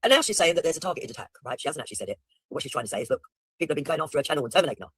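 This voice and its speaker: A man's voice: fairly high pitch, big pitch swings, rapid-fire, a bit bright, slightly rough, dry recording, soft background music. A man giving blunt, mocking, profane commentary while reacting to a video.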